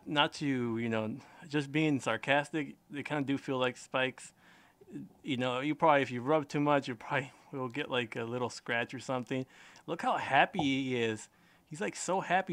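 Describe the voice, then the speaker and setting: A man hosting a casual unboxing vlog, chatty and easily excited, rambling as he goes. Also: medium pitch, no room sound. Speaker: unboxing video host.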